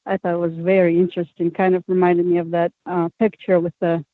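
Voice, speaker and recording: A man's voice: high-pitched, completely flat delivery, moderate pace, no echo. A male caller chatting casually, giggly and hesitant. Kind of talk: casual phone chat. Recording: tinny phone line.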